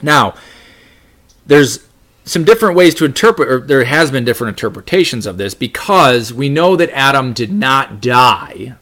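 A man's voice: mid-range voice, very animated, moderate pace, a bit bright. A man teaching a Bible study lesson, reading scripture aloud and talking it through with many restarts. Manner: reads scripture aloud, frequent restarts and fillers.

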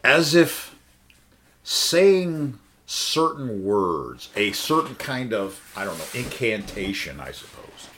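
A man's voice: mid-range voice, sing-song, slow pace, a bit bright, a little hiss or hum. A man teaching the Bible in a conversational sermon, emphatic and full of rhetorical questions. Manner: emphatic, asks the listeners many rhetorical questions.

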